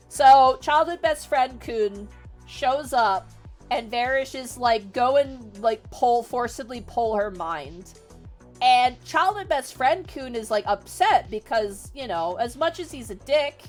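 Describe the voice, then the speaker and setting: A woman streamer retelling a book to her chat in a rambling, sarcastic way, swearing and full of fillers. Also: on the high side.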